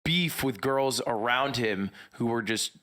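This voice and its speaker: A man chatting on a casual podcast, laid-back and explaining in quick asides. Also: medium pitch, a bit bright. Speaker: podcast co-host.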